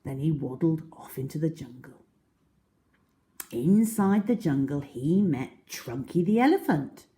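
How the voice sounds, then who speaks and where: A woman reading a children's storybook aloud, slow and expressive. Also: deep voice.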